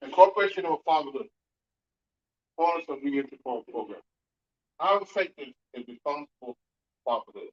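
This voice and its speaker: A man giving an emphatic conference talk to an audience, with sudden bursts of loudness. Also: a little high, animated, normal speed, long pauses, lo-fi sound. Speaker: conference speaker on fatherhood and reentry. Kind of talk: speech to an audience.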